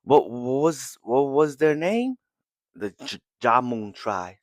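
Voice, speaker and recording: A man's voice: mid-range voice, lively intonation, slow pace, dry recording. Man casually recapping an anime episode. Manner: retells scenes, briefly acting out characters' lines. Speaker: podcast host.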